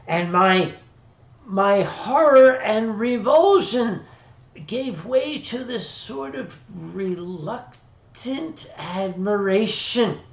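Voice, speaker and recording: Profane, animated male storyteller. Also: very high voice. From Pennsylvania, US. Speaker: streamer host. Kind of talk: casual storytelling chat. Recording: echoey room with faint noise.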